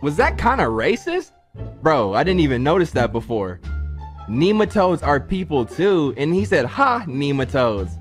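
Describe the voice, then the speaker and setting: Animated young man roasting cartoons. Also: on the high side, moderate pace, soft background music. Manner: animated roasting, slangy, addresses chat as bro. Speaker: streamer reacting to cartoons. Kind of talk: casual comedic commentary.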